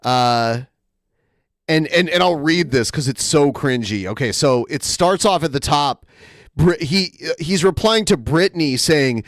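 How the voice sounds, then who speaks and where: A man with a somewhat high voice mocks and reads out embarrassing messages on a casual podcast. His voice sounds close and dry, with no room echo. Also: expressive, a little slow, fairly bright tone. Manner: mocking, amused narration of cringe messages. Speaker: co-host. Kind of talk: casual podcast chat, reading messages aloud.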